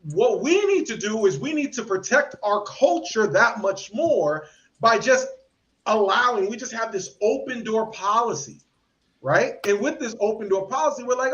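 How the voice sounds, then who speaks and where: Speaking unhurriedly in a very high-pitched voice, a podcast host delivers opinionated commentary with lo-fi sound through a podcast mic. He's animated throughout and does voices for the people he quotes.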